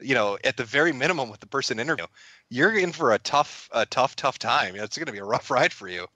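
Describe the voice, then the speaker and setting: A man talking as a guest on a casual podcast interview, wry and animated, acting out quotes from others. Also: mid-range voice, fast, no echo.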